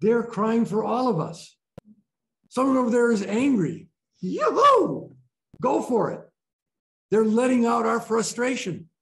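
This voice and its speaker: A man teaching a group about breathwork in a gentle, playful way, often laughing as he talks. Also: very high voice, animated, moderate pace. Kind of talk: informal group teaching talk. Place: training room with a group.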